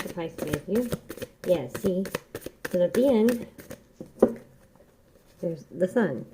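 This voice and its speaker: Dark-voiced woman reading tarot. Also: fairly low pitch, a little hiss or hum, rough recording. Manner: chatty, rambling, laughs often. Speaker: tarot reader.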